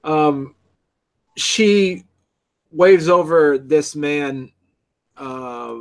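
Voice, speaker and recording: A man narrating a tabletop game as game master, halting and full of restarts. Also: fairly high pitch.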